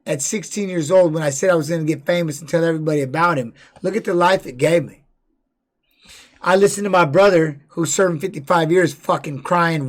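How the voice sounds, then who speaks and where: A man streaming live, talking loosely and swearing heavily as he comments and tells personal stories. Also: fairly high pitch. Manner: rambling, heavy swearing; candid personal storytelling. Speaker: streamer and former fighter. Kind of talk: casual livestream chat.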